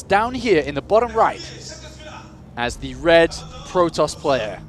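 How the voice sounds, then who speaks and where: A British man casting a live strategy game match, lively and self-deprecating, sometimes correcting himself. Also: on the high side, takes it slowly, faint music behind. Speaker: esports commentator.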